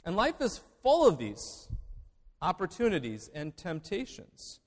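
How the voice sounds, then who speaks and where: A male pastor preaching a sermon, emphatic, moving between loud declarations and hushed asides. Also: high-pitched, huge pitch swings, measured pace, in a large hall.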